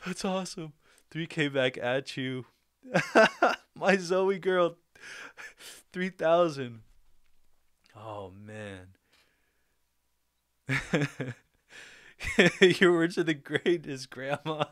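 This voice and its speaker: A man's voice: a little high, lively intonation, extremely slow, long pauses, fairly bright tone, no room sound, studio quality. A young man hosting a livestream, chatting casually and upbeat, laughing often as he reads out viewer comments. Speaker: livestream host.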